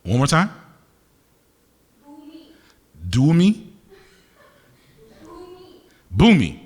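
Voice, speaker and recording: Slightly high and a little mellow, this older man's husky voice swoops wildly in pitch. He's a poet performing live for an audience at a university concert venue, teasing listeners with quick wit and asking their names between pieces. The sound is a live hall recording with long reverb.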